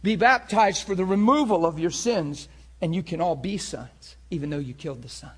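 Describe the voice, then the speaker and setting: A man preaching a sermon with passion, moving between loud bursts and hushed, intense talk. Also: high voice, normal speed.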